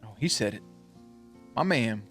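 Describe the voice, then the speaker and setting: A man hosting a casual reaction video, talking in a slangy, profane, animated way. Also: fairly low pitch, a little slow, faint music behind.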